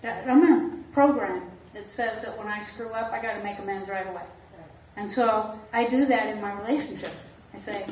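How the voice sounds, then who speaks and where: A woman's voice: mid-range voice, brisk, a little hiss or hum. A woman therapist speaking candidly to an audience about her own life. She talks openly and laughs often. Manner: frank, laughs often, acts out quoted voices. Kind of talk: candid personal talk to an audience. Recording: echoey room, far from the mic, dull and lo-fi.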